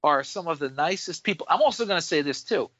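A man's voice: fairly high pitch, lively intonation, fast talker, a bit bright, no echo, highs cut off. A man from New York, a dentist guest on a podcast, telling a rambling story in casual chat with many restarts.

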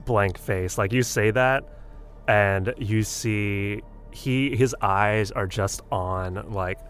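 A man narrating his character in a tabletop game, halting and full of fillers. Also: fairly low pitch, a bit bright, faint music behind. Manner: slow, halting, filler-heavy. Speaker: player. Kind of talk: tabletop role-play narration.

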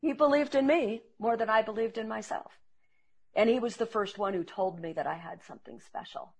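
A woman who trains salespeople, speaking as an interview guest and telling earnest, animated stories. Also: a little high, fairly quick, husky.

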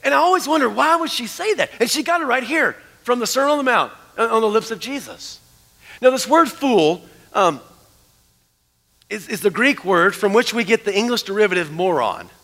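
A man preaching a sermon as pastor, animated, dropping to hushed tones for emphasis. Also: very high-pitched, moderate pace. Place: church sanctuary. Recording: long church hall reverb.

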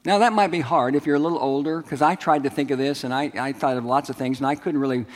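A man's voice: medium pitch, fast. A middle-aged man preaching a sermon, telling stories and calling on the congregation to respond. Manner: storytelling, asks the congregation to respond. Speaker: pastor. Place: large church sanctuary. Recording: long hall reverb.

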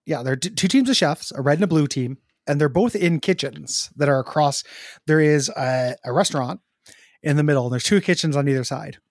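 Guy with kinda high voice cracking crude jokes, laughs a lot, dead dry mic. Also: brisk, no echo. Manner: joking, crude, laughs often. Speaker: podcast co-host. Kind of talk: casual chat.

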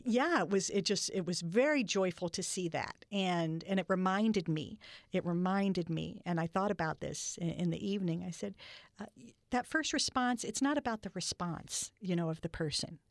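An older woman telling stories in an interview, earnest and halting with many restarts. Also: lowish voice, expressive, dry recording, clean studio sound. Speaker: guest. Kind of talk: storytelling in a podcast interview.

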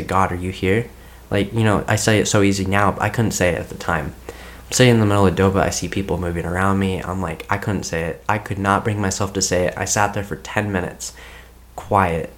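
Young man, very low voice, podcast guest, casual rambling storytelling, constant "like" fillers. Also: steady tone, fairly quick. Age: young adult. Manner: rambling, heavy use of "like" as filler.

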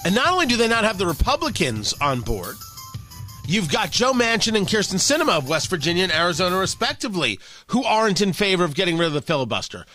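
Combative high-voiced male talk host. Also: sing-song, fast, sharp tone, faint music behind. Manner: combative, sarcastic. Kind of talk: political commentary monologue.

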